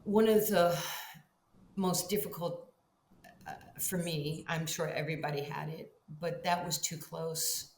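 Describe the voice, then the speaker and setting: A middle-aged woman with a fairly low voice tells a story as an interview guest, acting out the back-and-forth of each conversation. She sounds roomy and a little distant, with a faint hum underneath. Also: measured pace. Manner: animated storyteller who acts out both sides of conversations. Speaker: guest, Hall of Fame basketball player.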